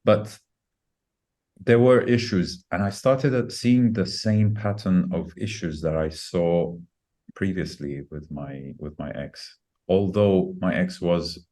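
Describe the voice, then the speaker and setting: A middle-aged man with a low, dark voice appears as a podcast guest, candidly telling a personal story. He is earnest and reflective, and he speeds up whenever he quotes himself.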